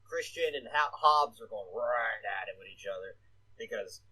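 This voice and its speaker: A man's voice: medium pitch, expressive, moderate pace, pushed and bright, husky, rough recording. A man co-hosting a casual podcast, rambling with lots of "uh" fillers and casual swearing. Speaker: podcast co-host. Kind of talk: casual wrestling podcast chat.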